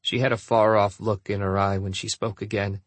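A man narrating a first-person story in a low, measured way, with a husky voice. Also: level tone, no echo. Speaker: audiobook narrator.

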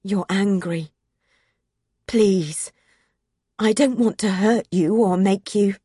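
A woman voicing a gentle, calm young man near death, murmuring softly in an audiobook. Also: mid-range voice, slow pace, husky, no room sound, clean studio sound. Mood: pleading soft. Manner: soft murmuring, near whisper. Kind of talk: audiobook character voice.

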